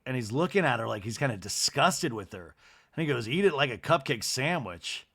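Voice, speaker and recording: A man hosting a podcast, recapping a reality TV episode solo with an animated, storytelling delivery. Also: medium pitch, a little fast. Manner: animated retelling, acting out cast members' lines in put-on voices. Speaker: podcast host.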